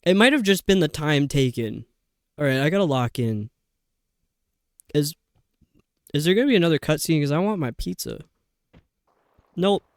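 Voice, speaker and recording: A woman's voice: sits low, sing-song, normal speed, long pauses, darkish tone, dry recording, clean studio sound. A woman streamer chatting casually over a video game, rambling and poking fun at herself. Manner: chatty, rambling, self-mocking. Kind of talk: casual livestream commentary.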